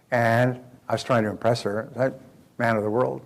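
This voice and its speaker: A man's voice: mid-range voice, fairly even intonation, normal speed, gravelly, a little hiss or hum. A man giving a live motivational seminar, telling anecdotes, asking the audience questions and repeating phrases for emphasis. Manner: addresses audience directly with questions. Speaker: seminar speaker.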